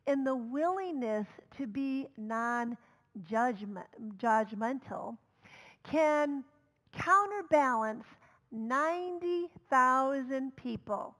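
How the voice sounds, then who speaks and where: A woman minister delivers a storytelling sermon in a somewhat high voice. She talks conversationally, with fillers and asides. Her level swings from loud calls down to soft near-whispers. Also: rough recording.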